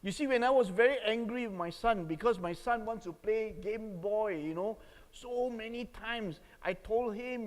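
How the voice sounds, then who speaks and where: A man's voice: sits high, normal speed, few pauses, in a large hall, low-quality recording. A man with a Singaporean English accent, preaching a sermon and telling stories while asking the audience questions. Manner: storytelling, asks the audience questions.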